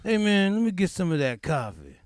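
A man's voice: high voice, wildly swooping pitch, brisk, no echo, studio quality, pitched above the performer's own voice. A man voicing a pushy, scruffy man who begs for cigarettes and coffee on a subway, in a wheedling streetwise drawl.

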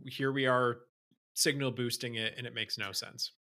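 A man co-hosting a sports podcast, with a bright, sharp-edged voice at a middle pitch. He talks in an easygoing way, pausing often with ums. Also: fairly even intonation. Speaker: podcast co-host. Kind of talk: casual sports podcast chat.

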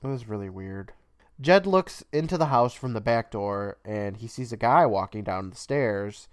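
A man's voice: on the low side, expressive, moderate pace, smooth, dry recording, clean studio sound. A man co-hosting a podcast, recapping a show casually, swearing freely and laughing often. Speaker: podcast co-host.

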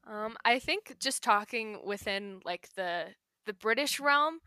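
Woman, voice impressionist guest, casual chat, thoughtful, bright crisp voice. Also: mid-range voice, expressive, slow, dry recording. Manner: thoughtful, with fillers and soft laughs.

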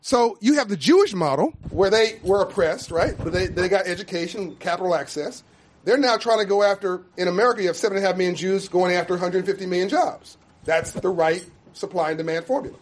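A man's voice: high voice, fast talker, slight background noise. A man founding a nonprofit, speaking with emphatic, preacher-like cadence and repeated phrases in an impassioned panel talk.

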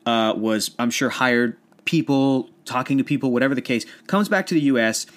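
A man in his thirties talking about movies in a casual chat, rambling and animated, often laughing. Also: mid-range voice, moderate pace.

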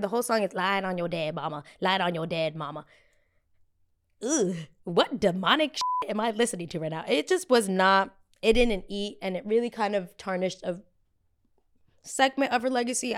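A woman host talks casually through pop culture gossip at a medium pitch. She is blunt and profane, and she wanders off on tangents.

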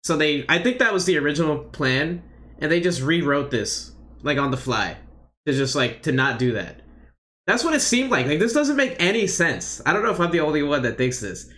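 A man's voice: a little high, big pitch swings, normal speed, sharp tone. A young man co-hosting a casual wrestling chat, recapping in a loose, rambling way full of "like" and "I don't know.". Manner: rambling, unsure, filler-heavy recapping. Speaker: podcast co-host.

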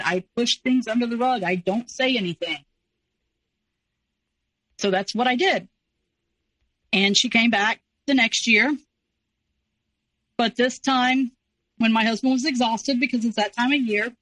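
A woman in her forties, an interview guest telling a personal story in a casual, animated way. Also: on the high side, no room sound, rough recording. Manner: animated, acts out quoted voices.

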